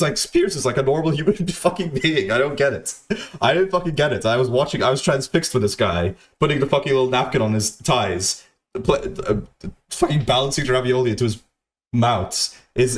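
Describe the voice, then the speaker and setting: A man tells a story to his stream chat in a rambling, unpolished way. He stammers and restarts sentences and swears constantly. His voice sits at an ordinary middle pitch. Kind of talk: casual profane storytelling commentary.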